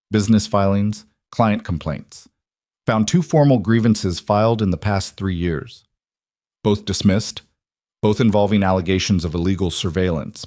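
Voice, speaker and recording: A man narrating a scripted drama story in a measured, terse way, recorded close on a studio mic. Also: low voice, a little mellow, dry recording.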